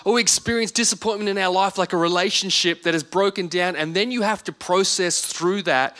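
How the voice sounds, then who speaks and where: A man's voice: high voice, sharp tone. A man in his thirties preaching a sermon as pastor, earnest and repeating words for emphasis.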